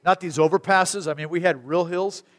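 A middle-aged man from Arizona preaching a sermon. He speaks in a conversational, animated way and often breaks into sudden loud, high bursts. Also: moderate pace. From Arizona, USA. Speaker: pastor. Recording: long reverb of a large hall.

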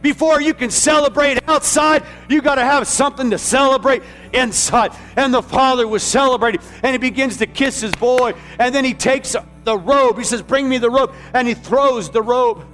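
A man delivers a sermon in a notably high voice, hammering phrases again and again and rising to shouts. Soft music plays faintly behind him. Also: normal speed. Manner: emphatic, repetitive, rising to shouts. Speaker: preacher.

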